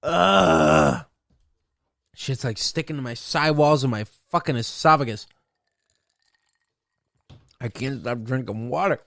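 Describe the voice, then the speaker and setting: A young man rants on his solo podcast, swearing freely and wandering from point to point with a boastful edge. His pitch jumps around animatedly. The recording is dry and close. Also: sing-song, a little slow, vocal fry, long pauses, a bit bright, no room sound. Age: young adult. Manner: profane, rambling, boastful. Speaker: podcast host. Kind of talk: rambling solo podcast rant.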